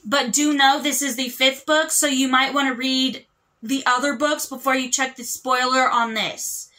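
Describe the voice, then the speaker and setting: Bright, chatty young woman. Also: high voice, fairly even intonation, normal speed. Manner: chatty, rambling, lots of fillers and restarts. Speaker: book vlogger. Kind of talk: casual chat.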